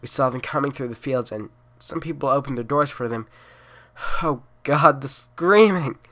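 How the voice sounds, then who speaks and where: Man doing a terrified mother, raised strained pitch, sobbing, panicked pleading. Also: normal speed, fairly bright tone, natural voice. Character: terrified mother hiding from burned dead.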